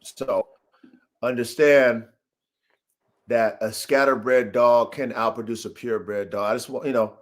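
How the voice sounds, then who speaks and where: A man's voice: medium pitch, steady tone, a little slow. A man hosting a live-streamed dog-breeding podcast, talking in an emphatic, profane, preachy way. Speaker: podcast host. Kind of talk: casual podcast discussion. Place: home studio on a live stream.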